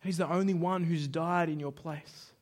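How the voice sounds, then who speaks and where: At a normal speed and a fairly high pitch, this pastor preaches through stories. His delivery is animated, with acted-out dialogue punctuated by shouting.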